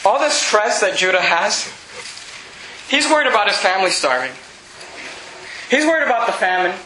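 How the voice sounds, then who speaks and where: High, bright-voiced impassioned preacher man. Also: big pitch swings, normal speed, a little hiss or hum. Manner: impassioned, emphatic, often shouting. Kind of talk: sermon. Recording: very echoey church hall.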